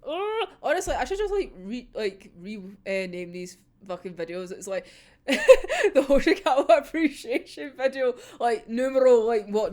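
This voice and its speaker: A young woman chatting through a manga chapter in a gushing, giggly, sweary way, as a casual fan reviewer. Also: high-pitched.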